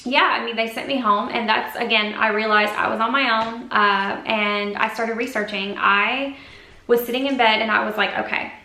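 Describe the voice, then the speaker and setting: A woman's voice: a little high, fairly even intonation, moderate pace, pushed and bright. A woman vlogger giving an earnest, rambling, confessional update to her camera's built-in mic indoors. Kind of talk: personal health update to camera. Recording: echoey room sound.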